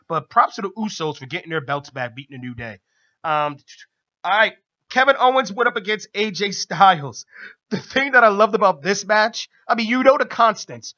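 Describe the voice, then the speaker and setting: A man's voice: high-pitched, bright, forceful tone, muffled recording. A man co-hosting a radio talk show, recapping wrestling in a casual, enthusiastic way and laughing often. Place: radio studio.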